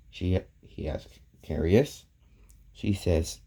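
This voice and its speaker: A man retelling a fan story off the cuff, halting and restarting often. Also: sits low, warm tone. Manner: halting, many restarts and "goes like".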